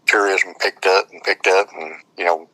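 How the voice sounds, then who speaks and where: A man's voice: sits low, fairly even intonation, moderate pace, sharp tone, no echo, rough recording. A man who owns a store, talking about it in a plain, matter-of-fact way in an interview. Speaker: store owner. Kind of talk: casual interview.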